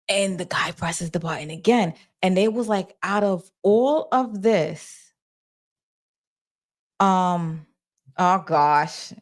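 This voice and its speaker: A woman livestreamer speaks slowly in a voice on the low side, recounting things casually with lots of fillers and rambling. She sounds flustered while handling the chat.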